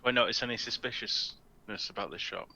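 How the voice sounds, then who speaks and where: Bright playful game player man. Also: on the low side, brisk, vocal fry, breathy edge, rough recording. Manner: playful, crude joking. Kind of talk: casual game chat. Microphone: home mic on a video call.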